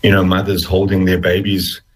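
Husky-voiced man, deep and earnest. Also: completely flat delivery, moderate pace, poor audio. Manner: hesitant, many restarts, earnest. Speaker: interview guest. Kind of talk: personal testimony in conversation.

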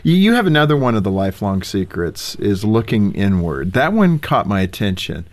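A man's voice: on the low side, sing-song, moderate pace. A male host in a casual interview who asks questions and adds light jokes.

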